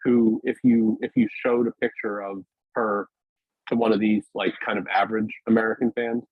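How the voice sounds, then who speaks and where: A man's voice: lowish voice, flat delivery, moderate pace, no echo. A man in a casual interview on a video call, talking in a rambling, hesitant way with many restarts. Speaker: podcast guest, weightlifting media founder. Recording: dry, tinny phone-like call audio.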